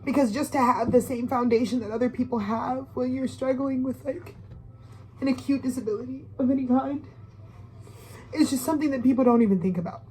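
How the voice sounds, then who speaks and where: A woman in her twenties talks through an emotional astrology reading in a loose, rambling way. She restarts her sentences often and swears freely. Her voice sits a little high, with a faint hiss of noise behind it. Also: brisk, dark tone. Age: 20s. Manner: rambling, heartfelt, profane. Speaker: astrology tarot reader.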